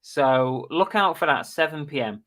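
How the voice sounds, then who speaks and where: A man's voice: a little high, expressive, measured pace, fairly bright tone, a little hiss or hum. Chatty man hosting a live stream. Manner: chatty, plugs links and giveaways. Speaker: live show host. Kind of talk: casual live-stream chat.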